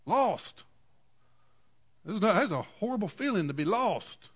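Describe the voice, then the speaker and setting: Male preacher, 40s, slightly high voice, folksy sermon storyteller. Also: big pitch swings, unhurried, breathy edge. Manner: folksy storytelling, swings from quiet asides to loud cries. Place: church.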